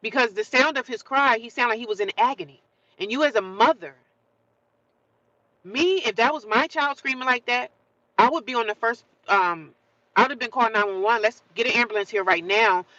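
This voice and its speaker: A woman's voice: on the high side, normal speed, sharp tone, no room sound, highs cut off. A woman hosting a casual livestream, talking straight to her viewers, greeting them by name and often repeating herself as she goes. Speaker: livestream host.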